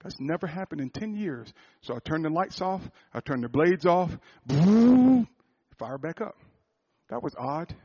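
A man preaching a sermon, telling a personal story, swinging from loud, rising fervor to a hushed, quiet confession. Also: on the high side, expressive, moderate pace, breathy edge, lo-fi sound. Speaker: pastor.

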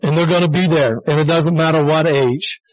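A man's voice: a little high, steady tone, a little fast. A pastor in his sixties giving an earnest, conversational sermon in a plain-spoken way. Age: 60s. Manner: earnest, plain-spoken, addresses the congregation as folks. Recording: dull lo-fi recording.

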